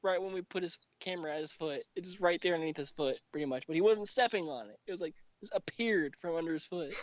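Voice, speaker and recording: High-voiced young man telling rowdy stories. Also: fast, no echo, highs cut off. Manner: profane, animated storytelling. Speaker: podcast host. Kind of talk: casual chat.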